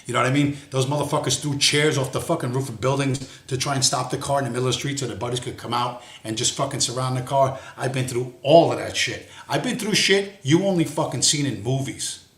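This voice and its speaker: A man's voice: mid-range voice, quick pace, few pauses, a bit bright. Foul-mouthed man ranting in an echoey room. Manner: swears constantly, angry and blunt. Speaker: livestream host. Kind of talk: profane ranting monologue. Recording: roomy echo.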